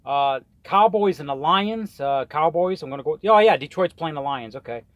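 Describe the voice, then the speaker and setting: A man's voice: a little high, animated, normal speed, fairly bright tone, no echo. A man casually ranting and rambling through his weekly football picks, swearing often and tripping over his words. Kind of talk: casual rant. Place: in a truck on the road.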